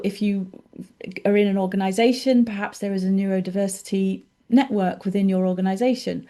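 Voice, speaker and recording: A woman's voice: mid-range voice, gravelly, mellow. A woman, a neurodiversity coach, answering interview questions in an earnest, reassuring way. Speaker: ADHD and neurodiversity coach, podcast guest.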